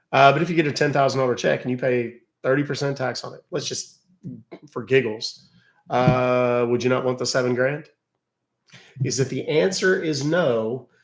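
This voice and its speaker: A man around fifty, hosting a casual livestream and answering viewer questions in a wry, chatty way. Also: mid-range voice. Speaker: host answering live chat questions.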